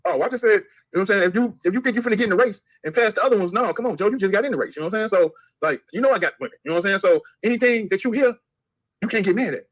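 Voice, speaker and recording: Brief: man, quick brash storyteller, bright tense voice. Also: high-pitched, poor audio. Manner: fast, profane storytelling, animated quoting. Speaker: live-stream co-host. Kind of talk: casual live-stream gossip chat.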